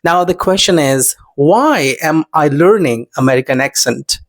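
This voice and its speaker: A man's voice: on the high side, animated, a little slow. Indian man chatting about English. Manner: chatty, many fillers like "I mean" and "you know". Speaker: English teacher. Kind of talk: casual vlog lesson.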